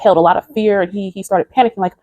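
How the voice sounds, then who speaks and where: Speaking fast with fairly even intonation, this woman has a mid-range voice with a dark tone and no echo. As a video creator, she earnestly relates a dream in a spiritual vlog and preachily urges listeners to embrace faith.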